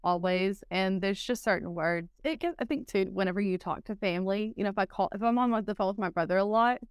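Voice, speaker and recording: A woman's voice: mid-range voice, fast, clear, resonant tone, no echo, clean studio sound. A woman from Texas with a Texan accent, talking casually as a podcast interview guest. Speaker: guest, recovery coach.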